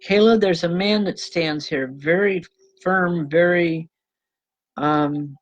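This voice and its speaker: A woman's voice: on the low side, slow, dull audio. A woman reverend giving live spiritual readings to viewers. She talks informally, uses endearments like hon and babe, and breaks in with ums and restarts. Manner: chatty and informal, calling people hon and babe, with frequent ums and self-corrections; often laughs and apologizes to the audience.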